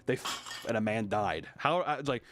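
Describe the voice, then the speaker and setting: A man's voice: fairly low pitch, moderate pace. A man reading an article aloud and breaking off into joking commentary. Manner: animated, joking asides, mock voices.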